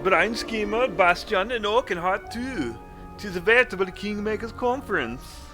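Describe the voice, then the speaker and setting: A booming, hearty game warrior, as a man puts him on, pushed high and loud with old-fashioned, declaiming speech. His lively voice leaps up and down over clear game music. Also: moderate pace.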